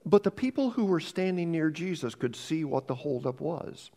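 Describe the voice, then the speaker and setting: A pastor delivering a sermon in a slightly high, gravelly voice. He swings his pitch widely, building to loud emphatic peaks and then dropping into a hushed near-whisper. He often stumbles over and repeats the opening words of a phrase. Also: animated, normal speed, few pauses.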